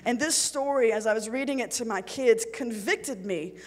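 A woman's voice: a little high, normal speed. A woman preaching, earnest, sometimes stumbling over words as she tells a story. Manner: earnest, reads story passages with feeling, slips on words. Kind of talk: sermon with read-aloud story. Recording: long hall reverb with faint music.

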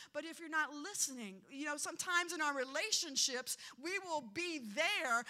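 A woman preacher delivering a sermon with passion, repeating key lines and swinging between loud emphasis and quiet asides. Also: high-pitched.

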